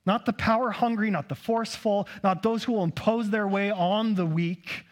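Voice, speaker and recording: A man's voice: high-pitched, moderate pace. A man preaching a sermon as pastor in a church, conversational and joking with asides.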